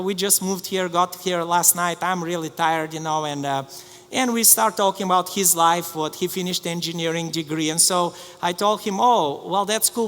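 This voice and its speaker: High-pitched guy preaching, lots of restarts, echoey church hall. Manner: storytelling, animated with many restarts. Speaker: pastor. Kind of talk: sermon. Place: church sanctuary.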